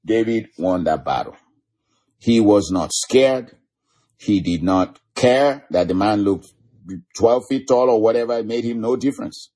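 A man's voice: fairly low pitch, a little slow, mellow. A man preaching a sermon, retelling scripture stories with frequent chuckles. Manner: storytelling, chuckling often.

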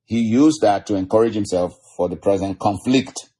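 Husky man preaching with a storyteller's chuckle. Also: on the low side, moderate pace, dark tone. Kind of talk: sermon.

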